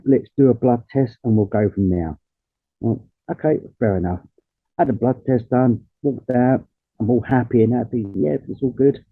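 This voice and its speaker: A man's voice: on the low side, dry recording. A young man plainly retelling his own illness story, with many fillers, on tinny audio. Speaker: patient sharing his story. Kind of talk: personal testimony.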